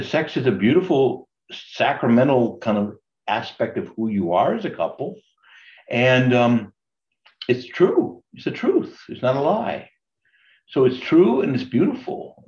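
An older priest leads a Bible study in a chatty, conversational way and keeps asking his group questions. His voice sits a bit low, and the recording is dull and lo-fi. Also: darkish tone.

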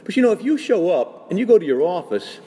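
A man's voice: high-pitched, very animated, quick pace, dark tone. A man, a priest, giving an earnest, emphatic and conversational talk to fellow priests, with many asides. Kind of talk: spoken retreat talk. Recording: echoey hall with faint ambience.

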